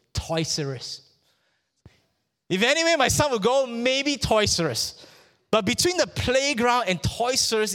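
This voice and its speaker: A man's voice: a little high, a bit bright. A middle-aged man from Malaysia preaching a sermon, telling a personal story and stumbling over repeated words as his fervor builds. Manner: halting and repetitive, rising with fervor. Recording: long hall reverb.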